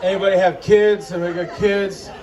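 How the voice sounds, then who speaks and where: Audience laughter rings out as a comic, speaking fast in a steady, high-sitting voice, performs a crude and profane set. He delivers his stories with exasperation inside an outdoor festival tent. The recording is distant, taken from the crowd, with noise in the background.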